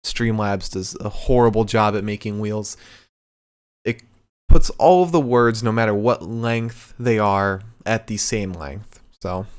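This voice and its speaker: Speaking in an unhurried, lowish voice, this young podcast host runs a casual live show, cracking loose jokes, laughing readily and addressing his chat.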